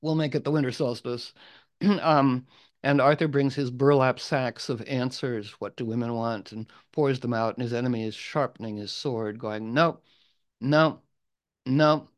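Man, storyteller, casual and rambling, asides, mid pitch. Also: steady tone, normal speed. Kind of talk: oral storytelling.

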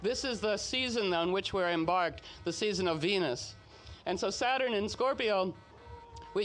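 A man telling old legends and astrology in a chatty, animated way, full of "you know" asides. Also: high voice. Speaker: storyteller and astrologer host. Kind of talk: casual spoken storytelling talk.

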